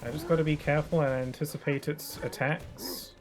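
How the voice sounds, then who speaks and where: A man's voice: fairly high pitch, steady tone, a little fast. A man giving live commentary while streaming a game, joking and griping in a mock-dramatic, self-mocking way. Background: game music.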